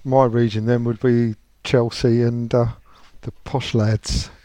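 A man's voice: mid-range voice, flat delivery, slow pace, warm tone, dry recording. A man from Kingston in Surrey chatting in a laid-back, easygoing way on a podcast. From Kingston, Surrey, England. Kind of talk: casual chat.

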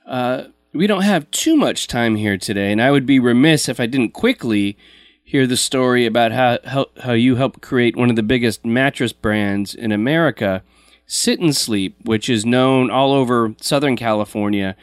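A man's voice: mid-range voice, normal speed, smooth, no echo. Male podcast host, dry close sound. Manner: conversational, backs up to explain. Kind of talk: casual interview chat.

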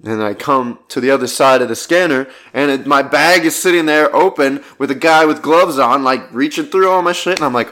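A man's voice: on the high side, a little fast, fairly bright tone. A young man telling a casual personal anecdote, rambling with lots of "like" fillers and frequent laughs. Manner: rambling, full of "like" fillers, laughing between lines. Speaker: storyteller.

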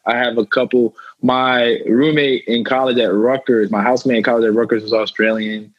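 Husky-voiced young man, dull dry audio. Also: mid-range voice, fairly even intonation, brisk, dry recording. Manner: loose, rambling, repeats himself. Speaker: guest athlete and rapper. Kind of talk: casual interview talk.

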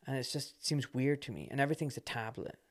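Animated man telling stories. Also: mid-range voice, fast. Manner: animated, laughs often, swears casually. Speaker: guest, surgeon. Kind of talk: casual storytelling.

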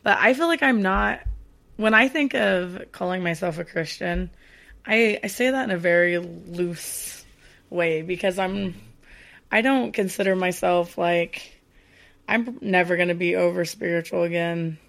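A woman's voice: fairly low pitch, unhurried, gravelly, fairly bright tone. A young woman co-hosting a casual podcast, chatty, giggly and self-deprecating. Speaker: podcast co-host.

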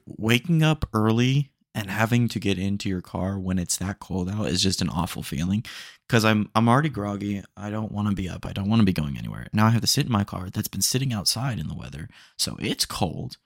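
A young man talks on his own podcast in a loose, rambling, stream-of-consciousness way, dropping "dude" into his stories. His voice sits low and has a gravelly fry to it. The sound is dry and close, with no room around it. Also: fairly quick, dry recording. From Texas. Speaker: podcast host. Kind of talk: casual solo podcast monologue.

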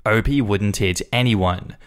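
A man doing a calm, kindly farmer. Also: fairly low pitch, a little slow, natural voice. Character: kind, easygoing male farmer neighbor.

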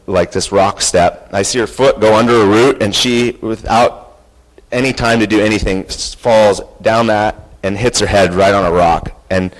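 Low-voiced man telling a story. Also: rough recording. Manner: earnest, conversational, acts out quotes. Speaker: speaker telling a personal story. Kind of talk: storytelling talk.

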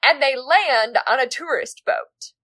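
A woman's voice: high voice, a little slow, bright, forceful tone, no echo. A woman co-hosting a book podcast, casually and animatedly retelling scenes from a novel. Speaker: podcast co-host.

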